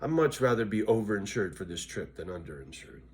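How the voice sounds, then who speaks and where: There's slight background noise as a weary, loopy middle-aged man talks to his viewers, his lowish voice swinging widely in pitch at a brisk pace. He rambles, curses a lot and repeatedly asks "right?"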